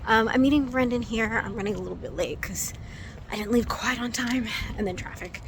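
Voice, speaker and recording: A woman with a slightly high voice talks fairly quickly over background noise while hosting a casual vlog. Rambling and warm, she speaks to camera and calls viewers "guys" and "y'all."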